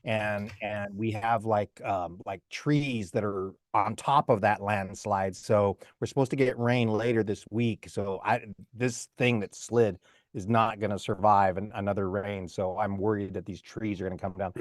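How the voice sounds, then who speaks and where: A man's voice: fairly low pitch, fairly even intonation, normal speed, dry recording. Give me a rambling, chatty man on a video call, his voice dry and close. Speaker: voice actor on a fan Q&A panel. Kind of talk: casual chat on a livestream.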